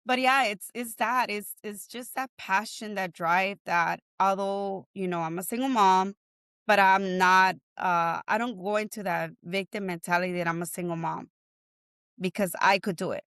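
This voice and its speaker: A woman talks through her work in a smooth, resonant voice. She tells her stories energy and voices the people she quotes. The sound is dry and close, no room echo. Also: mid-range voice, moderate pace. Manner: animated storytelling with laughs and acted-out quotes. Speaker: guest, family advocate. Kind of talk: casual interview conversation.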